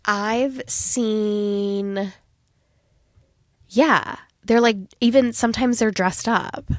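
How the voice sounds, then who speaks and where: A woman in her thirties, a podcast co-host in casual chat, talking in an animated way and often trailing off mid-sentence. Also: a little high, very slow, dry recording, clean studio sound.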